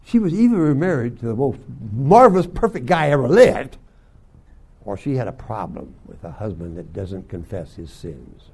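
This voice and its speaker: An older man teaching a Bible school class, telling folksy stories and often clearing his throat. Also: medium pitch, sing-song, moderate pace, mellow. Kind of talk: sermon to young students.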